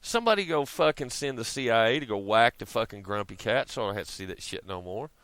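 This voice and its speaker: A man's voice: mid-range voice, animated, fast, fairly bright tone, no echo. A man ranting casually in a vlog, profane and rambling, laughing at his own jokes. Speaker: vlogger.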